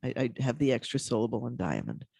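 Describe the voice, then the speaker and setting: A man who is a rabbi talks in a relaxed, chatty way on a call-in radio show, laughing easily and often restarting his sentences. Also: medium pitch, fast talker, creaky, slightly rough, no echo, clean studio sound. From American Midwest. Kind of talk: casual call-in radio chat.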